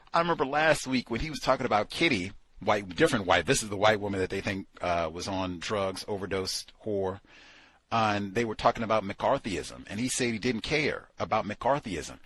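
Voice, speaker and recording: A man hosting a book club discussion, talking in an animated, incredulous way, with sarcastic asides. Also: on the low side, normal speed, breathy edge. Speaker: podcast host.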